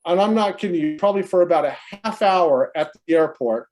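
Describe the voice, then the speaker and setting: Guy on a video call telling a story about his brother, rambly, lots of ums, slightly high voice. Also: a little fast, darkish tone. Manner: rambling, many fillers and restarts. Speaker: brother of the deceased.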